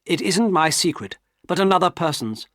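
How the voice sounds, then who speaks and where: Heartbroken young guy pleading, man narrating, lively up and down voice, dry close sound. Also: on the high side, normal speed, no room sound, voice pushed up. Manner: pleading, trembling with emotion.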